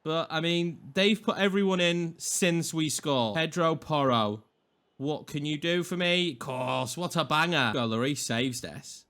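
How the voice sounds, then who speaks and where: A young Yorkshireman from England, a gaming YouTuber, provides casual commentary over a football video game. He's chatty and excitable, flipping quickly between hype and grumbling, and his voice is on the high side.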